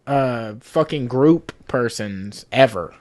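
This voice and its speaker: Lively, swearing male podcast host. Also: mid-range voice, slow pace. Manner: animated, profane, opinionated. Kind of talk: casual chat.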